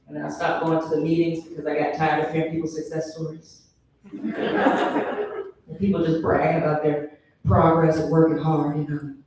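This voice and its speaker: A man performing a stand-up set, breaking into shrill high mock voices when he quotes people. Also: completely flat delivery, normal speed, background noise. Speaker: stand-up comedian. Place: comedy venue stage. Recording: very echoey hall from a distance.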